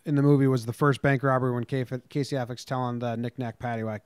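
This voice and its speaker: A man co-hosting a movie review podcast, giving measured, opinionated takes and laying out his points in order. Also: mid-range voice, fairly even intonation, smooth, dry recording, studio quality. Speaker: podcast co-host. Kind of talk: casual movie review chat.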